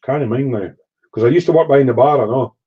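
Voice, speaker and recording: A man's voice: mid-range voice, fast, slightly rough, lo-fi sound. A middle-aged man from Edinburgh with a Scottish accent, chatting casually and reading out chat on a live stream. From Scotland. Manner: swearing, rambling storyteller reading chat aloud.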